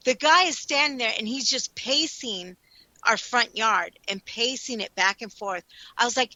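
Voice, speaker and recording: A woman co-hosting a radio show, telling stories in an animated, expressive way. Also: a little high, moderate pace, no echo, dull audio. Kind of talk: casual chat.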